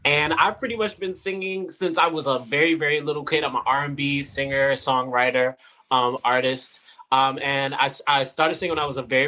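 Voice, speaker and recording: A young man from the Washington DC area, a singer and podcast guest, telling his story in friendly, relaxed chat and laughing easily. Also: medium pitch. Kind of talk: casual interview chat.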